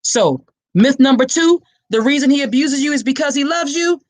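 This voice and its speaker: A woman whose voice sits high, with lively intonation at a normal speed, speaks passionately and directly to listeners. As a podcast host and survivor advocate, she's giving a live-streamed awareness talk and reading comments, with no room sound.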